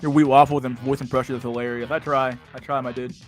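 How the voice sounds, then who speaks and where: A man's voice: medium pitch, level tone, quick pace, faint music behind. A young man hosting a casual livestream, with profane, slang-heavy talk full of "dude" and "bro" and frequent restarts. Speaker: livestream host.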